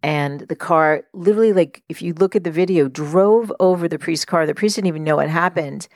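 A middle-aged woman hosting a podcast, telling a personal story in an earnest, reflective way, with many pauses and fillers. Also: lowish voice, darkish tone, dry recording, studio quality. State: tearful while telling a story. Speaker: podcast host and life coach.

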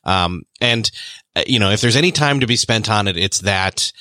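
A man's voice: on the low side, animated, moderate pace, pushed and bright, dry recording. A man hosting a podcast, talking in a casual, enthusiastic, rambling way. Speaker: podcast host. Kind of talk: casual conversation.

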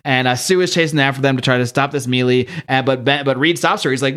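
Male podcast host, fast, chatty comic recap, rambling delivery with loose character voices. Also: mid-range voice, a bit bright. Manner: quick, rambling, laughs while retelling, voices characters loosely. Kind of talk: casual comic book recap.

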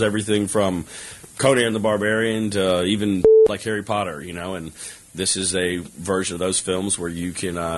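A man's voice: lowish voice, heavy background noise. A man, an actor and co-writer, giving loose, rambling interview answers full of "you know" and "like". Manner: relaxed, rambling, heavy with fillers like "you know".

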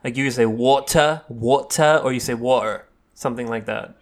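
A man's voice: mid-range voice, steady tone, fairly quick. Joking, rambling man. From United States. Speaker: podcast co-host. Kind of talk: casual chat.

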